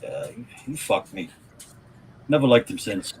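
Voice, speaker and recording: A man in a casual chat, gruff and profane, grumbling about an old grudge. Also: medium pitch, expressive, unhurried, darkish tone, slight background noise, low-quality recording. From Boston area.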